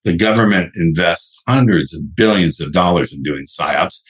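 A man's voice: low-pitched, normal speed, husky. A man being interviewed as a sales trainer, talking bluntly and brashly and swearing freely. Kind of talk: podcast interview.

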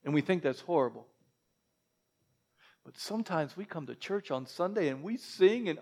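A man preaching a sermon as pastor, lively, with joking asides to the congregation. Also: high-pitched, normal speed, long pauses.

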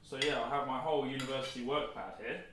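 A man's voice: mid-range voice, steady tone, quick pace, fairly bright tone, a little hiss or hum. A young man in his twenties hosting a casual family podcast, playfully announcing his dishes with mock ceremony. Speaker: podcast host. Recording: roomy, distant mic, faint clatter.

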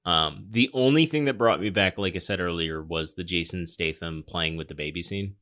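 A man's voice: deep voice, moderate pace, fairly bright tone. A young man co-hosting a casual film review podcast, sarcastic, swearing and laughing often. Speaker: podcast co-host. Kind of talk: casual movie review chat.

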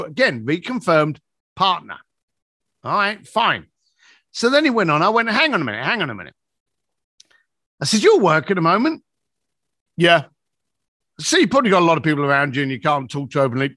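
A middle-aged man telling an animated anecdote, acting out both sides of a phone call. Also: a little fast, long pauses, dry recording, clean studio sound. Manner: acts out both sides of a phone call, shifting pitch a lot. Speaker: storyteller.

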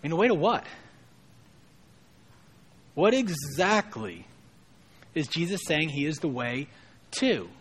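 Male pastor, high voice, conversational sermon delivery, casual storyteller with a light comic touch. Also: sing-song, slow pace, long pauses, fairly bright tone, husky.

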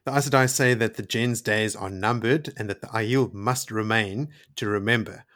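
Male podcast co-host, somewhat low pitch, eager and chatty while recapping a novel. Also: moderate pace, fairly bright tone. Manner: enthusiastic, retelling the story with emphatic asides. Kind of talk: casual book discussion.

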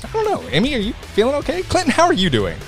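Guy hosting a chatty podcast, jokey, voice jumps around a lot, some soft music under it. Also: extremely high pitch, huge pitch swings, fast. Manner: upbeat, teasing, laughs often. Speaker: podcast host. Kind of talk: casual chat.

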